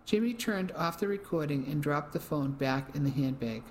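An audiobook narrator reading a first-person mystery novel in a steady, even storytelling manner. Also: mid-range voice, normal speed, slight background noise, rough recording.

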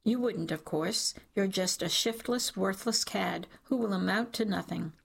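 A woman's voice: medium pitch, unhurried, vocal fry, husky. A woman narrator voicing a cold, scornful, wounded mother in an audiobook, speaking in a clipped way.

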